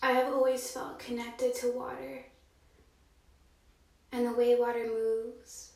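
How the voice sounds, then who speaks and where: A young woman with a high, fairly flat voice talks through a rambling, heartfelt confessional, now and then sinking to a whisper. She sits in a dark bathroom, and her voice rings off the tiled walls from a mic set some way off. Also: takes it slowly, gravelly, long pauses. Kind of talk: confessional monologue. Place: dark bathroom, sitting in a bathtub. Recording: very echoey bathroom, mic at a distance.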